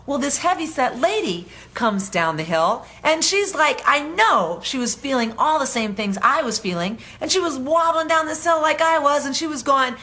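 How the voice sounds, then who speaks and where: A woman's voice: high-pitched, lively intonation, fairly quick, sharp tone. A woman giving a motivational self-help talk on anxiety, speaking earnestly in a conversational, storytelling way.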